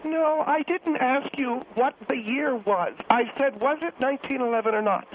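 A man's voice: extremely high pitch, moderate pace, voice pushed up. A man voicing a prickly, haughty middle-aged woman who calls in to a radio show and talks down to the host. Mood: indignant. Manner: indignant, huffy and condescending. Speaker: radio guest on the phone. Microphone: telephone. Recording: tinny phone line, faint hiss.

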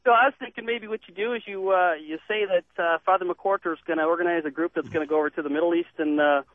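A man's voice: high voice, steady tone, quick pace, no room sound. A man calling a radio show as an eager fan, chuckling as he talks, heard over a tinny phone line. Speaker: caller.

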